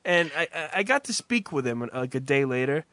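A man's voice: mid-range voice, sing-song, fairly quick, bright, forceful tone, no room sound. A man telling a rambling, profane story in casual chat with a co-host, full of restarts. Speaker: podcast co-host.

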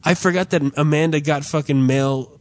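His voice sits on the high side with fairly even intonation and normal pacing, and there's no room sound. As a podcast storyteller, the man relays a comedic tale casually, profanely and with exasperation, voicing the characters' quoted dialogue himself.

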